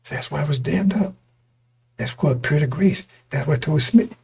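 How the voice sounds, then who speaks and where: A man preaching a sermon to his congregation, his voice going hoarse, talking in repetitive, stop-start bursts and often asking listeners whether they understand. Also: a little high, a little fast, a little mellow, a little hiss or hum. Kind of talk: street-style sermon to a congregation.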